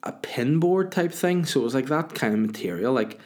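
A man's voice: mid-range voice, animated, moderate pace, darkish tone. A young man chatting casually on his solo podcast, telling crude, joking stories and swearing freely. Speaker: podcast host.

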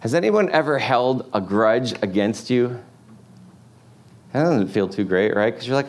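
A man's voice: mid-range voice, animated, normal speed, darkish tone. A man preaching a sermon in a casual, joking way, asking the congregation lots of rhetorical questions. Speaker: pastor.

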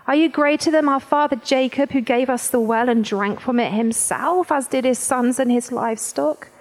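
A woman's voice: high-pitched, moderate pace. A woman reading scripture aloud, voicing a wary village woman who questions and challenges. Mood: questioning.

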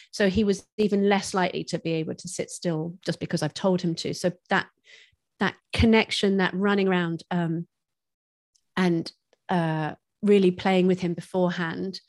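A woman guest who teaches parenting, talking in an expressive, chatty way and laughing often. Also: lowish voice, no echo, clean studio sound. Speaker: parenting instructor, podcast guest. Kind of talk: casual conversational interview.

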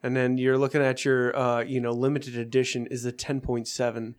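Excitable guy chatting on a podcast, cusses when surprised. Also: medium pitch, moderate pace. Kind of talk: casual chat.

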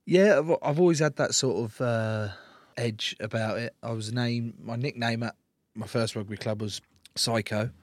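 A man's voice: medium pitch, moderate pace, no echo. An English man from England, an interview guest in casual chat, telling stories in a laid-back, joking way with some swearing.

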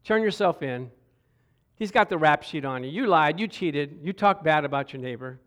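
Man, middle-aged, preaching, lively storytelling, stammered repeats, higher pitch. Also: a little fast. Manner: animated, stammering repeats, bursts of laughter. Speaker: pastor. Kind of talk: sermon with storytelling.

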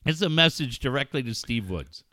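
Lively bright-voiced man, laughing and cursing. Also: medium pitch, moderate pace. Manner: rowdy, cursing, laughs a lot. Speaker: co-host. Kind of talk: profane comedic radio banter.

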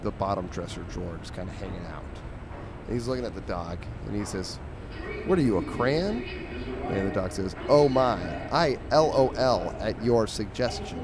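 A man hosting a podcast, reading comic strips aloud in a sarcastic, animated way and jumping his pitch when he quotes the characters. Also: noisy background. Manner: sarcastic, animated, voices quoted lines with big pitch jumps. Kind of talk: casual comedic monologue.

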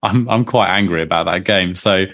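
A man's voice: low voice, normal speed, fairly bright tone. A man co-hosting a football podcast, joking and rambling in casual chat with friends. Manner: jokey, rambling, self-deprecating banter. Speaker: podcast co-host.

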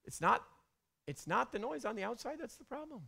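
Bright, animated middle-aged male preacher. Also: extremely high pitch, brisk, vocal fry, breathy edge. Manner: animated, swings from loud to hushed whispers. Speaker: pastor. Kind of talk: sermon.

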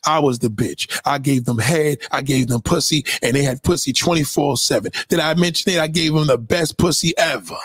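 A man's voice: on the high side, a little fast, hardly any pauses, slightly rough. A man playing a brash New woman near sixty. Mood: boastful. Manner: loud, boastful, rambling and profane, ranting at the viewer. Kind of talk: comic character monologue.

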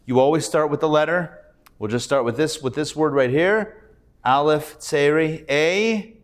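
A man's voice: a little high, a little slow. A male rabbi teaching a live Hebrew reading class, patiently sounding out syllables and repeating them. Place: class recorded live in a room.

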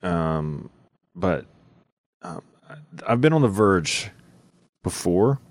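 A man hosting a Catholic talk show, chatting casually and telling stories with quick impressions and frequent laughs. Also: deep voice, lively intonation, dry recording, clean studio sound. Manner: laughs often, storytelling with quick voiced impressions. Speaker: host.

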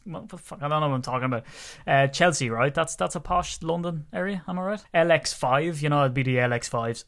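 A man with an Irish accent from Wicklow, co-hosting a podcast and chatting casually, telling animated stories. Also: mid-range voice. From Ireland, Wicklow. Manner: animated storyteller, acts out quoted voices. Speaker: podcast co-host.

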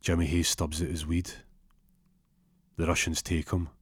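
A man telling an improvised comic story, animated, jumping into high put-on voices for the characters. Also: unhurried, breathy edge, no room sound.

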